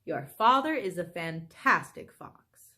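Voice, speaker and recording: A woman's voice: on the low side, very animated, takes it slowly, pushed and bright, full character voice. A woman voicing a loving mother fox and proud wife in a storybook reading, speaking tenderly and admiringly.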